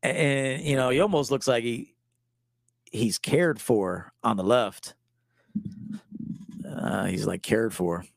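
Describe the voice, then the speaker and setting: A man's voice: lowish voice, slow pace, vocal fry, long pauses, dry recording, studio quality. A man in his forties, a style coach hosting a live stream, talking casually in a loose, joking, profane way. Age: 40s.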